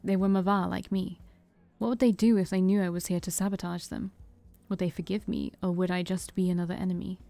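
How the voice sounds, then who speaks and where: A woman streamer reading a visual novel aloud in steady narration, with small stumbles. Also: on the low side, fairly quick, gravelly, dry recording. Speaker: let's-play streamer.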